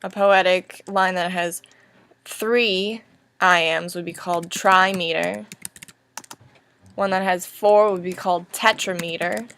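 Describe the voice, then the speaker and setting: Slow, bright-voiced woman teacher. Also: lowish voice, steady tone, slight background noise. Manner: slow, deliberate, spelling out each stress. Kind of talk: recorded lesson over slides.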